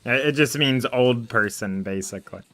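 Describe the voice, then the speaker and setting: A man's voice: mid-range voice, normal speed, fairly bright tone. A man streaming a game, chatting casually and rambling, with frequent laughter. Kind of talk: casual gameplay chat. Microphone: desk microphone.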